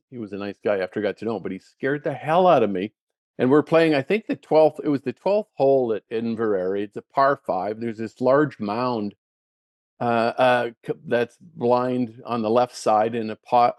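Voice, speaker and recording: Older guy telling golf stories, animated, keeps restarting, dry close sound. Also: medium pitch, dry recording. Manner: animated, many restarts and repeated words. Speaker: guest, former touring golfer. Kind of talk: casual storytelling.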